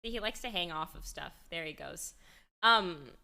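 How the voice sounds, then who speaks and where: A woman's voice: on the low side, animated, moderate pace, creaky, sharp tone. A young woman streamer in casual chat, talking freely with lots of fillers and casual swearing.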